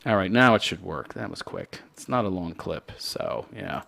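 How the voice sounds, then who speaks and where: A man's voice: deep voice, moderate pace, vocal fry, sharp tone. A man hosting a live online show, ranting in casual, sarcastic and profane commentary.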